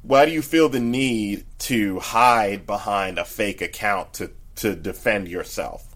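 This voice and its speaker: A man's voice: mid-range voice, a bit bright. A man hosting a sports talk show, rambling casually with frequent restarts and talking straight to his listeners. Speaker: podcast host.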